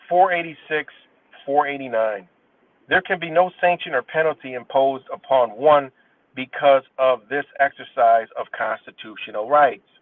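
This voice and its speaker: A man's voice: on the high side, dry recording. Profane man ranting over a tinny line. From New York State. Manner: blunt, profane, reads case citations haltingly then rants. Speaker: livestream host. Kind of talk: reading aloud and commenting on a livestream. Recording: tinny phone-like sound, distant from the mic, dry.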